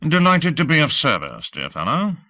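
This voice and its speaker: Man voicing a hearty colonel, courtly, effusive, raised pitch, bright. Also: very animated, normal speed. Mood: genial. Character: genial British-tinged male colonel, effusive.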